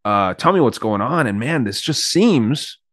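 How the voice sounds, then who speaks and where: A man in casual podcast chat whose voice sits at an ordinary middle pitch. He hedges and fills pauses with "uh" and throws in swear words. The recording is dry, with no room sound. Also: big pitch swings, fairly bright tone, no room sound. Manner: hedging, filler-heavy, swears. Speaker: podcast co-host.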